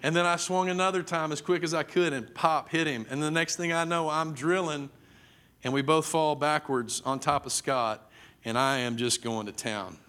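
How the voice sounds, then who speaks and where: A man's voice: fairly high pitch, steady tone, moderate pace, a bit bright, clean tone. A middle-aged man, a preacher telling a story in a sermon, acting out the voices vividly. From Texas. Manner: vivid, dramatic storytelling with acted-out quotes.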